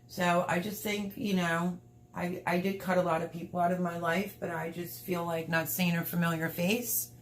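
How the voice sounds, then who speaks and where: A woman's voice: on the low side, little pitch movement, normal speed. A middle-aged woman, chatting candidly and emotionally to viewers on a livestream from home. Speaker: livestream host. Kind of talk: casual livestream chat. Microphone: livestream camera mic.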